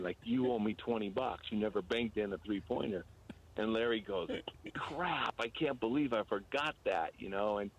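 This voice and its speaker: A man's voice: fairly low pitch, poor audio. A man, a former basketball player, telling a rambling story from his playing days in an interview, with fillers and restarts.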